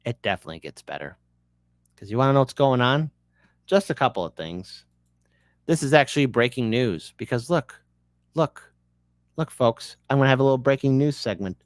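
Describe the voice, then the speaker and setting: Male commentary host, animated up-and-down delivery, sarcastic, dry close sound. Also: mid-range voice, moderate pace, long pauses, dry recording. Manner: sarcastic, mocking. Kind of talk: casual online commentary.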